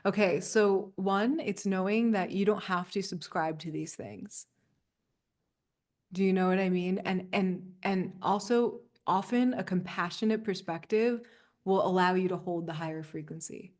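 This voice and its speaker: A woman in her thirties coaching a group over a video call, earnest and soft-spoken, with frequent fillers and little laughs. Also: medium pitch, a little slow. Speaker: spiritual coach leading a group session. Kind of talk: live community coaching session.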